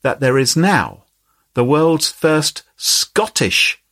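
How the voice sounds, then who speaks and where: A man hosting a podcast, chatting in a lively, playful way. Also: a little high, takes it slowly. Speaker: podcast host. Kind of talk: casual chat.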